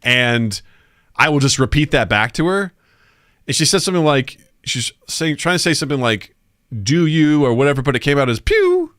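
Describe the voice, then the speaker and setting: A man's voice: medium pitch, brisk, no echo, studio quality. A man co-hosting a podcast in casual chat, telling stories and acting out voices, laughing often. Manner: animated storyteller, acts out voices, laughs often. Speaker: podcast co-host.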